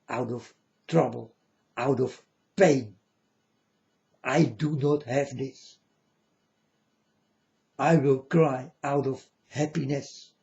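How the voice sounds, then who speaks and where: Slow, solemn man in a muffled recording. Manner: solemn, halting, repeats phrases, sometimes loud. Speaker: self-styled prophet. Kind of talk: religious monologue to viewers. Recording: muffled low-fidelity recording.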